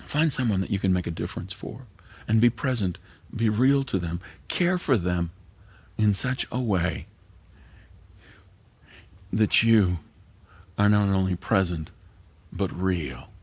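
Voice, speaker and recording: A man's voice: sits low, lively intonation, measured pace, long pauses, slightly rough, no echo. An older man preaching a sermon as pastor, earnest and emotional, sometimes dropping to a whisper. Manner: earnest, emotional, drops to a whisper at tender moments.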